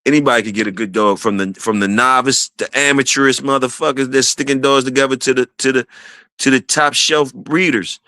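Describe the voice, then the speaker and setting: A man hosting a casual livestream, shouting out viewers and repeating his phrases. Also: mid-range voice, steady tone, a little fast, no room sound, studio quality. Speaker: livestream host.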